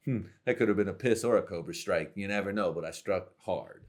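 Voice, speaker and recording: A young man with a lowish voice rambles through a foul-mouthed comic monologue as host of his own show. He leans on slang and swearing and keeps breaking into laughter. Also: fairly quick, few pauses. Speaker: podcast host. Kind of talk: crude comedic monologue.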